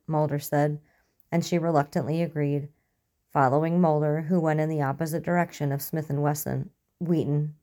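Woman narrating a story, low and dark voice, measured pace. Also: flat delivery.

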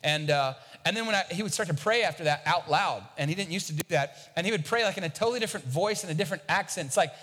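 A man's voice: high voice, quick pace, hardly any pauses, fairly bright tone, slightly rough, long reverb tail. A man preaching a sermon as a pastor, talking conversationally and often repeating a word as he starts a thought.

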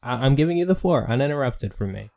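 A man's voice: medium pitch, lively intonation, fast talker, vocal fry, a little mellow. A man co-hosting a comedy podcast who rambles and hesitates, heavy on fillers. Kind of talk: improvised comedy chat.

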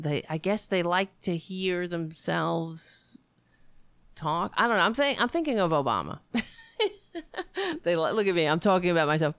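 Animated, swearing talk-show host, woman. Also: on the low side, clear, resonant tone, no room sound. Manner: animated, digressive, swears freely, self-mocking. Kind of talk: rambling casual monologue.

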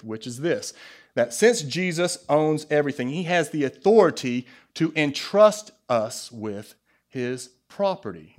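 A man with a Southern US accent preaching a sermon to his church, lively, with asides and jokes to the congregation. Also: mid-range voice. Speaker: pastor. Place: church sanctuary.

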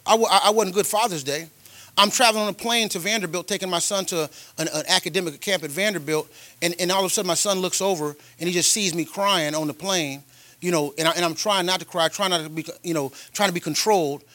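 A man preaching a sermon as a pastor, telling personal stories in a colloquial way, with delivery that swings from loud and emphatic to quiet and tender. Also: high voice, quick pace, no echo. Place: church.

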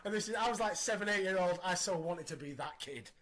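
A man in his thirties hosting a casual podcast, recapping in an animated, opinionated way. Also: high voice, fast. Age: 30s. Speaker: podcast host.

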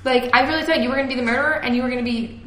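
A woman's voice: high voice, steady tone, rapid-fire, a bit bright. A young adult woman co-hosting a podcast in casual chat, talking loosely with lots of "like" and frequent laughs. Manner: chatty, laughs often, fillers of "like". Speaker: podcast co-host. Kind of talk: casual chat about a TV show. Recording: echoey room.

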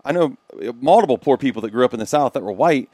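A man's voice: mid-range voice, lively intonation, fast talker, warm tone, dry recording. Earnest man telling stories on a podcast. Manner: earnest storyteller acting out quoted dialogue. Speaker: podcast co-host. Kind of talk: casual chat.

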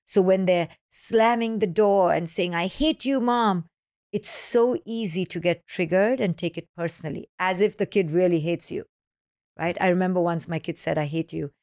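A woman being interviewed as a parenting author, with a fairly low voice. She talks animatedly and slips into children's voices when quoting them. The recording is dry and close. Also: moderate pace, darkish tone, dry recording. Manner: explains with acronyms. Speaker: parenting author, podcast guest. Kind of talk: podcast interview.

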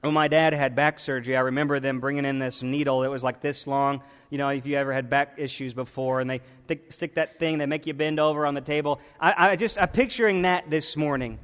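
A man preaching a sermon as pastor of his church, impassioned, swinging between hushed and loud. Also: medium pitch, steady tone, a little fast, hardly any pauses. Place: church sanctuary. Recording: long reverb in a large church hall.

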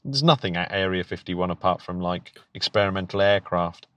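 In a low-pitched, slightly bright voice, a British man talks briskly on a dry, dull-sounding recording. He's a teacher and podcast co-host, chatting casually with enthusiasm, frequent stumbling restarts and plenty of laughter.

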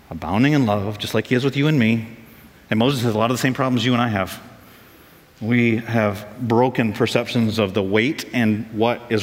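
A man preaching a sermon as pastor, lively and animated, acting out voices for comic effect. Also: mid-range voice. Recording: long reverb of a large hall.

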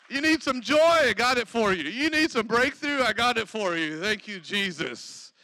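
High, gravelly-voiced excitable male preacher. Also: measured pace, no echo, some chatter behind, low-quality recording. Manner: energetic, laughs often, exclaims praise. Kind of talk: lively sermon.

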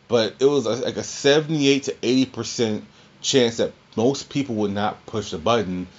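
A man's voice: mid-range voice, dull audio. A man in his twenties, a podcast host, rambling through a casual recap with frequent restarts and the odd swear.

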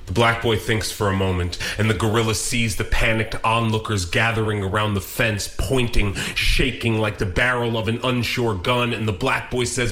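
A man's voice: fairly low pitch, normal speed, hardly any pauses, fairly bright tone. A man performing spoken word poetry, his delivery rising into intense, near-sung declamation.

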